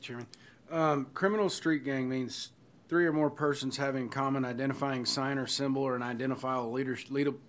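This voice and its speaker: A man, a state representative, politely reading a definition aloud and asking a pointed question at a hearing. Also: mid-range voice. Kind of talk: committee questioning. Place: legislative hearing room.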